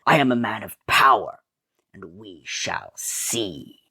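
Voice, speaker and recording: A man's voice: fairly low pitch, sing-song, slow pace, bright, forceful tone, slightly rough, no room sound, full character voice. A man voicing a dastardly male villain squire who sneers, hisses in whispers and blusters, in a melodramatic reading. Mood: sneering.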